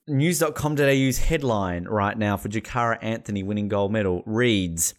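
A man's voice: moderate pace, hardly any pauses. A man hosting a casual sports chat, rambling and joking with frequent laughs. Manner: rambling, jokey, laughs often, lively pitch. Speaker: podcast host.

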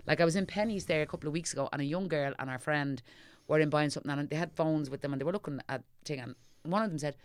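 Fast-talking middle-aged Dublin woman. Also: sits low, smooth, no echo, clean studio sound. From Ireland. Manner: animated storyteller, acting out what people said. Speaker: guest. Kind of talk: casual chat.

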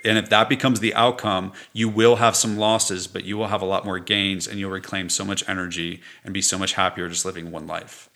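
A middle-aged man talks with a bright, forceful edge in a slightly low register. He is earnest and reflective, an interview guest telling his own story frankly and now and then laughing through it. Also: little pitch movement, fairly quick, few pauses, slight background noise. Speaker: podcast guest, entrepreneur. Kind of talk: candid conversational interview.

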